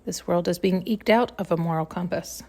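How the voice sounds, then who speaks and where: A woman with a fairly low, darkish voice speaks a little fast as she hosts a podcast. Her intuitive musing rambles and searches, with sentences restarted and moments where she is close to tears.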